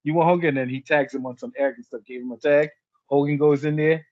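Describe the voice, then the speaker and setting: Talking fast in a medium-pitched voice, a podcast co-host spins stories during casual conversation, animatedly acting out the quotes of the people in them. There's no room sound, but the high frequencies are cut off.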